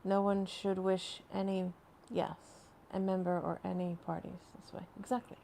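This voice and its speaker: A woman chats loosely on a home live stream, wandering from thought to thought as she replies to viewer comments. Her voice has a gravelly edge and sits at a middle pitch. She laughs often between her phrases. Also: flat delivery, normal speed, warm tone, a little hiss or hum. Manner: rambling, chatty, answering viewer comments. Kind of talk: casual live stream chat.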